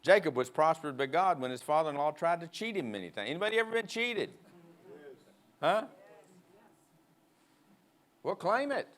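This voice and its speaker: A man preaching a sermon in a church, emphatic, leading the congregation in call-and-response and prodding them with quick asides. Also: fairly high pitch, lively intonation, fairly bright tone. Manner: emphatic, prods the crowd with "huh?". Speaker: guest preacher. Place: church sanctuary.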